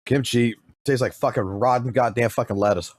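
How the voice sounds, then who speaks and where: A male streamer talks to his live chat in a loose, blunt way, dropping swear words into nearly every sentence. His voice sits at an ordinary mid pitch. The sound is dry and close, with no room echo. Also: steady tone, brisk. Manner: profane and blunt, swears constantly. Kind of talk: casual live-stream talk.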